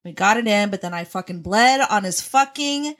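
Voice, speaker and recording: Young woman co-host, crisp bright tone, blunt and profane, casual chat. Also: mid-range voice, lively intonation, normal speed. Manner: profane, blunt, laughing often.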